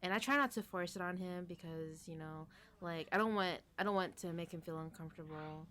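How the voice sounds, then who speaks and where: Low-voiced woman rambling and trailing off. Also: fairly quick, fairly bright tone. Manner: rambling, full of fillers, trailing into near-whispers. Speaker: podcast guest. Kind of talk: casual chat.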